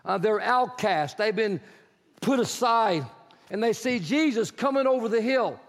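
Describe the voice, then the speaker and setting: Speaking a little slowly in a very high voice, this man preaches a sermon full of lively storytelling, playing the people in each tale. At moments he breaks into shouts, his words echoing with the long reverb of a big hall.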